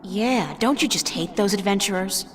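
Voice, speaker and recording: A woman's voice: medium pitch, normal speed, a little hiss or hum, natural voice. A woman voicing a wry young woman adventurer with a dry, teasing manner in a video game.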